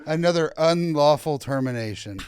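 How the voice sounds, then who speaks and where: A man co-hosting a comedy podcast, firing off quick amused replies. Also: on the high side, expressive, a little mellow, clean tone, no room sound. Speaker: podcast co-host. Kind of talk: casual comedic podcast banter.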